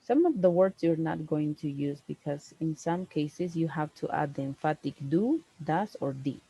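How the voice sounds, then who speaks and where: A woman, teaching a one-on-one English lesson over a video call, explaining slowly and stressing key words. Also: low-pitched, lively intonation, dark tone, slightly rough, rough recording.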